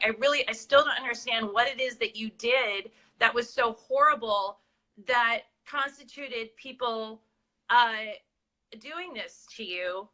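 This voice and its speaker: Brief: woman co-host, indignant, keeps restarting, piercing bright tone. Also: fairly high pitch. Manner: indignant, rambling with repeated restarts. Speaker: co-host interviewing. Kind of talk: casual interview commentary.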